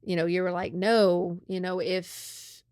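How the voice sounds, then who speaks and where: A woman podcast host in a casual chat, retelling a story with lively acted-out dialogue. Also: on the low side, measured pace, smooth, no echo, studio quality.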